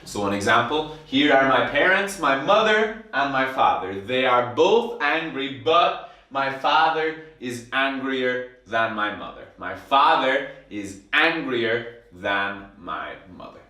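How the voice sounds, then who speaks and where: A man teaching an English grammar lesson, spelling words out letter by letter and repeating examples slowly at a whiteboard. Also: medium pitch, lively intonation, sharp tone. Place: classroom with whiteboard. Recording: echoey room, mic far off.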